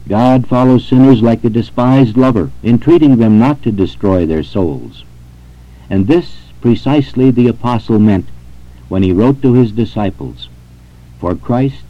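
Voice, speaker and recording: A man giving a solemn, earnest scripted reading of a devotional meditation, measured and slowing on scripture quotes. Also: fairly low pitch. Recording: dull lo-fi recording.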